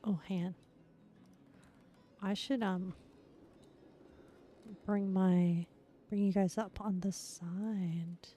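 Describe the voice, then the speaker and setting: A woman's voice: medium pitch, steady tone, very slow, long pauses, mellow, soft background music. A woman streaming live, chatting casually with her viewers and laughing often as she plays.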